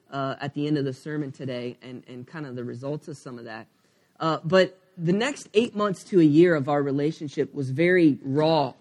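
A man's voice: fairly high pitch, a little mellow. A man in his thirties preaching a sermon, telling a personal story candidly, with many fillers and asides. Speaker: pastor.

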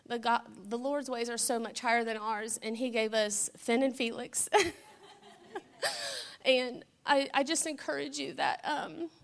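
High gravelly-voiced woman giving testimony. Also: measured pace. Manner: tearful, laughing through tears. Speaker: church member giving testimony. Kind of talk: emotional church testimony.

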